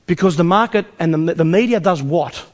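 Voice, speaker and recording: A man with an Australian accent presents an investment seminar to a live audience, talking at a rapid clip. He keeps firing rhetorical questions at the room with salesman-like energy, and his voice sits noticeably high.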